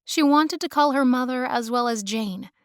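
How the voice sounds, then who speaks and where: A woman narrating a romance audiobook in a steady, even storytelling manner. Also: sits high, normal speed, clean tone, no room sound, studio quality.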